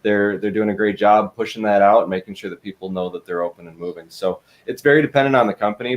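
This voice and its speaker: A man from Michigan, a guest, giving earnest, measured answers about industrial marketing. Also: low-pitched. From Michigan, USA. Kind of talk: interview answers.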